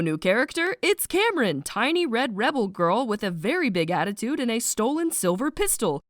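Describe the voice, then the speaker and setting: Lively, sarcastic woman narrator. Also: on the high side, no echo, clean studio sound. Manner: playful, sarcastic, full of slang asides and sound effects. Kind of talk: snarky animated book summary narration.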